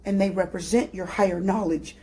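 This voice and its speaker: A woman speaking as a calm, all-knowing spirit oracle in a guided meditation. She has a mellow, dark-toned voice, and her words come slow and hushed. The pitch sits in a middle range. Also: slight background noise, lightly acted. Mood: serene. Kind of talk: guided meditation role-play.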